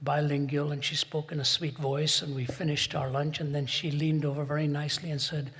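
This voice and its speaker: A man preaching a sermon in a large hall, telling stories, building to emphatic peaks and dropping soft for quoted asides. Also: a little high, flat delivery, fairly quick, hardly any pauses, breathy edge.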